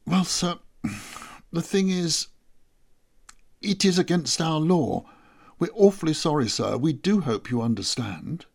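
A man's voice: on the high side, big pitch swings, slow, vocal fry, pauses often, darkish tone, breathy edge, voice pushed up, full character voice. A man voicing a polite, apologetic male village elder who speaks hesitantly and deferentially in a storybook reading.

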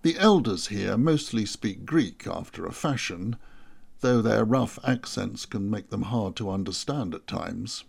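A man narrating a first-person story in a measured, reflective way. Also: lowish voice, lively intonation, gravelly, breathy edge.

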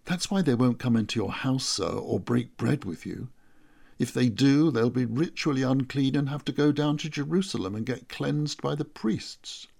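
A man voicing an eager, chatty male household slave who explains things briskly and respectfully in a storybook reading. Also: medium pitch, expressive, gravelly, a little mellow. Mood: explaining.

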